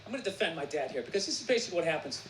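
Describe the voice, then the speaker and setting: Man, stand-up comedian, ranting, swearing, shouting, reverberant hall, crowd noise behind. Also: fairly high pitch, big pitch swings, rapid-fire. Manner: ranting, profane, bursts into shouting. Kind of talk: stand-up routine. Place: theater stage. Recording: roomy live venue with audience noise.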